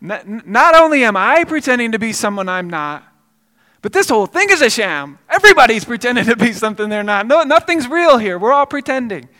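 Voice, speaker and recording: A man's voice: very high voice, very animated, a little fast, pitched above the performer's own voice, exaggerated voice. Man doing a panicky young student. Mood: alarmed. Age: young adult. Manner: panicky, rising shouts. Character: flustered college-age man in a gorilla suit.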